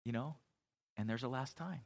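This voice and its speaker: A man's voice: mid-range voice, normal speed, vocal fry. A middle-aged man preaching a sermon as a pastor, telling stories in an easy, conversational way, with frequent restarts and asides.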